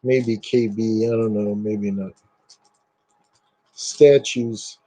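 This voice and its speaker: A man's voice: on the low side, fairly even intonation, very slow, mellow, slight background noise. A man chatting casually as he shows off collectibles, rambling with lots of fillers and plenty of enthusiasm. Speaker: collector showing items. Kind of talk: casual show-and-tell chat.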